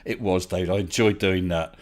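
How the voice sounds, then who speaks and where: A man hosts a casual online debate, his voice sitting a little low. He is polite and quick to laugh, with lots of halting restarts as he thinks aloud. It sounds like a home computer mic on a voice call. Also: fairly even intonation. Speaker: livestream host.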